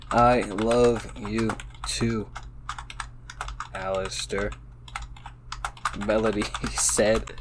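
Slow-talking man reading with amused asides. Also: fairly low pitch, noisy background. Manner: slow, halting reading broken by laughing asides. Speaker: host reading an AI-written story. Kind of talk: casual reading aloud with commentary.

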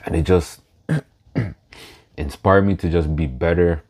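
A man in his thirties hosting a solo podcast in a casual way, slow and reflective, pausing to gather his thoughts. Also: deep voice, a little mellow, slightly rough. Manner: emotional, laughs through his words. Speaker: podcast host.

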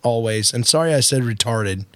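A man's voice: medium pitch, moderate pace, noisy background. A man hosting a podcast in casual chat, jokey and chatty, often restarting his sentences. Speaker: podcast host.

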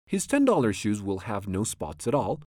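A man's voice: on the low side, huge pitch swings, moderate pace, dark tone, no room sound, clean studio sound, pitched below the performer's own voice. A man voicing a mischievous male cat in a hat in a storybook reading, coaxing and unbothered, often laughing off trouble. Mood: sly.

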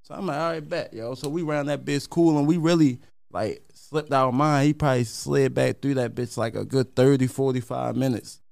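A man's voice: medium pitch, moderate pace, creaky. A man with a Baltimore accent, a rapper guest, telling a long story in casual slangy talk and acting out what others said. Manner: animated, slangy, acts out quotes in raised voice.

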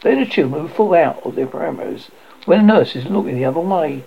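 Reader's take on a cocky storybook boy, bouncy and eager, husky gravelly tone, muffled lo-fi sound. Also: medium pitch, lively intonation, fairly quick. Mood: chatty. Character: boastful boy hero, lively and cocky. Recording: dull lo-fi recording.

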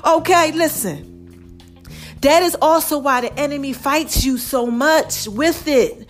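Casting: high-pitched woman, podcast host, lively motivational preacher, soft music under her. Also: measured pace. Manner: lively, preachy, calls listeners baby and y'all. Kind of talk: casual motivational talk.

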